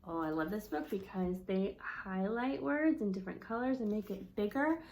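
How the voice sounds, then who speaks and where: A woman speech-language pathologist teaching parents with a children's book, animated and encouraging, often asking questions. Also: mid-range voice, normal speed, slight background noise.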